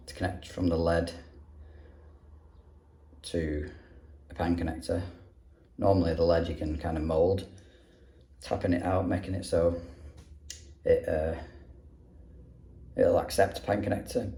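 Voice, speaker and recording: A man's voice: deep voice, a little mellow. A young English man, a plumber, talking casually through his work in a bathroom, with dry grumbling asides. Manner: chatty, dry grumbling asides while working. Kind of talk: casual work vlog narration. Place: indoor bathroom on a job.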